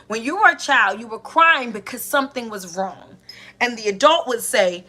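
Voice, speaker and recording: A woman's voice: a little high, normal speed, pushed and bright. A woman giving a spiritual, sermon-like talk to a live audience, building her points with repeated phrases and rhetorical questions. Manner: preacher-like, repetitive cadence, rhetorical questions; addresses listeners directly. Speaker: spiritual teacher. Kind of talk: live-streamed inspirational talk.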